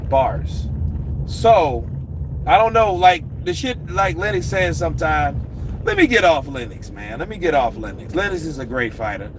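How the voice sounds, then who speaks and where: A man ranting about boxing as a commentator, animated and profane. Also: a little high, moderate pace, background noise. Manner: animated, profane, slips into impressions. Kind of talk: casual profane rant.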